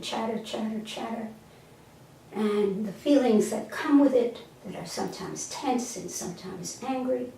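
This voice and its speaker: A woman telling a parable slowly and gently and then reflecting on its spiritual meaning, with a few small stumbles, recorded from a distance in an echoey room. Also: fairly high pitch, slight background noise. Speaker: storyteller and teacher. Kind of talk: slow storytelling and spiritual teaching. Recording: echoey room, mic far off.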